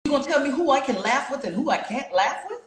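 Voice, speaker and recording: Woman, livestream host, confrontational, high-ish voice, echoey room, phone mic. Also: animated, fast. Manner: confrontational, fires repeated rhetorical questions. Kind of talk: casual livestream rant to viewers.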